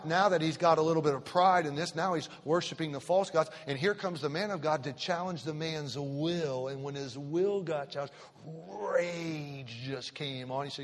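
A man preaching a sermon as pastor, emphatic and repetitive, asking the congregation direct questions. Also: a little high. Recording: reverberant church hall.

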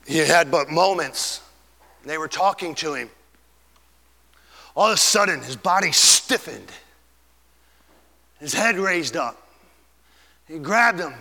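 A male pastor preaching a dramatic sermon, swinging from shouts down to hushed whispers. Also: fairly high pitch, in a large hall.

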